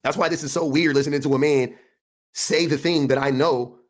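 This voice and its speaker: Man, earnest, rapid talk, repeats himself, fairly high voice, casual clip. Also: fairly even intonation.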